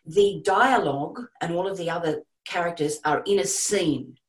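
A woman giving casual, animated advice on audiobook narration to a group. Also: fairly low pitch, moderate pace, poor audio. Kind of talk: casual teaching talk to a group.

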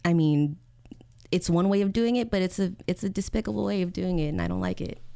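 A woman co-hosting a podcast, speaking in a measured way and laughing often. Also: lowish voice, sing-song, vocal fry, mellow, no echo. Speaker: podcast co-host. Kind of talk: casual chat.

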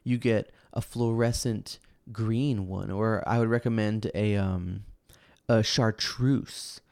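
A man's voice: fairly low pitch, fairly even intonation, slow, a little mellow, dry recording, clean studio sound. A man quoting a pushy, confident bait expert in his own voice. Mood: insistent. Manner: confident, salesy. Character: pushy middle-aged male fishing-bait know-it-all.

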